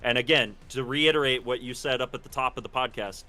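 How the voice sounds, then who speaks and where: A man's voice: medium pitch, a little fast, bright, forceful tone. A man co-hosting a gaming podcast in casual chat, rambling and self-deprecating, often repeating his first words before he gets going. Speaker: podcast co-host, gaming content creator.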